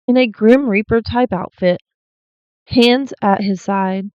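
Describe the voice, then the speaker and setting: A woman's voice: medium pitch, takes it slowly, a little mellow, smooth, no echo. A woman hosting a channel, reading paranormal stories aloud and breaking in with blunt, swearing asides. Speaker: host. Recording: slightly dull lo-fi recording.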